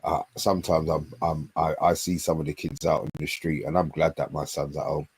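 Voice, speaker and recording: Husky low-voiced bloke. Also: male voice, little pitch movement, brisk. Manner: blunt, laughs often, swears casually. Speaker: podcast co-host. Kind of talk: casual chat.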